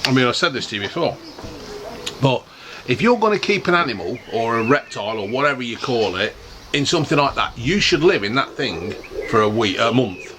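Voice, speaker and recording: A man's voice: medium pitch, a little fast. A man hosting a casual pub-style chat in a beer garden, swearing freely as he tells stories. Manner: sweary, lively storyteller. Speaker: host. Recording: noisy outdoor ambience with birds.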